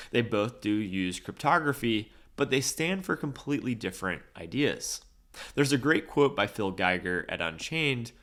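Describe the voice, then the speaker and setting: A man hosting a video and giving a scripted explainer in a measured, steady delivery. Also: lowish voice.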